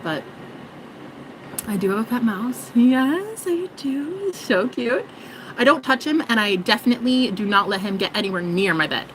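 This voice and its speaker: A woman's voice: mid-range voice, animated, normal speed, fairly bright tone, a little hiss or hum, poor audio. A woman vlogging in a rambling, joking monologue, swearing and mocking herself. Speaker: spiritual vlogger.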